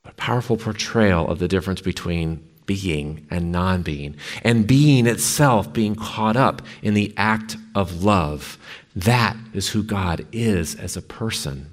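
A man's voice: low voice, lively intonation, a little slow. A male preacher giving a sermon, telling and reading a story in an emphatic, dramatic way.

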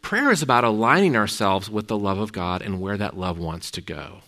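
A man's voice: fairly low pitch, animated, normal speed, pushed and bright. A middle-aged man, a pastor, giving a conversational sermon, telling stories from his week. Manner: conversational, storytelling.

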